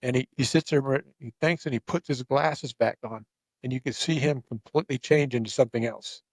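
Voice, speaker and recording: A man's voice: mid-range voice, fairly quick, no room sound. A man hosting a casual chat, telling a long anecdote with lots of restarts and repeated words. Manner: rambling, animated, repeats words when starting sentences. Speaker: podcast host.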